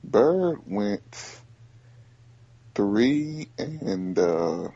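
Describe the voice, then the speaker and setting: Dude hosting a sports podcast, pitch jumping all over, mellow kinda husky voice, dull lo-fi sound. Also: male voice, no echo. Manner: animated, repeats himself, rapid bursts. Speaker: podcast host. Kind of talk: casual sports chat.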